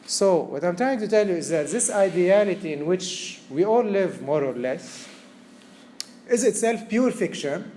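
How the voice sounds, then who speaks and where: Male art lecturer, slightly raised pitch, warm tone, rambling with fillers, classroom check-ins. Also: slight background noise. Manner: discursive, many fillers, checks students follow him. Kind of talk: recorded university-style lecture.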